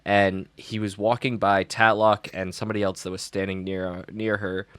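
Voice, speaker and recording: Man, low voice, dry close sound, school advisor, podcast co-host, animated storyteller. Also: moderate pace, clear, resonant tone, no echo. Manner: animated storyteller who acts out quotes. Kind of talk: casual chat.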